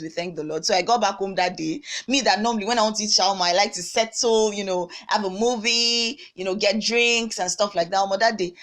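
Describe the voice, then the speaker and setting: Young nigerian woman vlogging, talks really fast, telling a story and doing all the voices. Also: medium pitch. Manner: animated, acts out dialogue with pidgin slang. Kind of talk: casual storytelling vlog.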